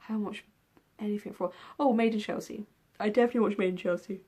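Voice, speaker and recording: A woman's voice: mid-range voice, steady tone, fast, mellow, slightly rough. Chatty young woman vlogging, rambling. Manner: rambling, with many ums and yawns. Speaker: book vlogger. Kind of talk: casual tag video chat.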